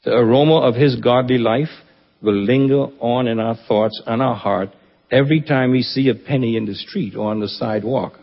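Guy giving a eulogy at church, earnest w a bit of humor, slightly husky, long echo, muffled sound. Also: medium pitch, normal speed. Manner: earnest and reverent, with gentle humor. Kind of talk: funeral eulogy. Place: church assembly hall. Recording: dull, echoey church hall recording.

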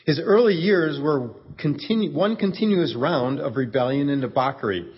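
A man narrating a story in a steady, earnest way, in a dull stage recording. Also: a little high, moderate pace, slightly rough. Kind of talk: scripted narration. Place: church event stage.

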